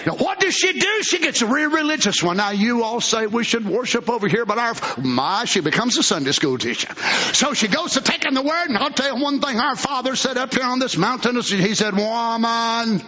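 A man preaching a fervent sermon, swinging between shouts and low asides. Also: animated, normal speed, lo-fi sound.

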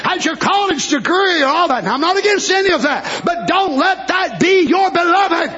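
High-voiced man preaching a fiery sermon. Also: expressive, normal speed, highs cut off. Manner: high, bright preaching voice, rising to shouted fervor; plays voices of people in the story.

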